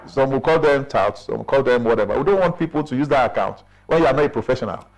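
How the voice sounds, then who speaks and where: On a low-quality recording, a middle-aged man with a Nigerian accent talks fast in a mid-range voice. He's an official in a radio interview laying out the steps of business registration, often asking "right?".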